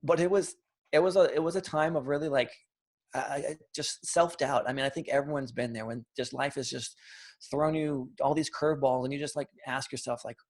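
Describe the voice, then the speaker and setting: Gravelly man telling his story. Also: medium pitch, a little fast. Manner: animated storyteller, acts out quotes, frequent restarts. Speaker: interview guest. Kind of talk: casual storytelling interview.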